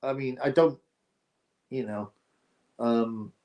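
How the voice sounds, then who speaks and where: A man's voice: mid-range voice, steady tone, slow pace, darkish tone. A man hosting a casual live boxing stream, reading viewer comments aloud and giving blunt, opinionated, rambling takes.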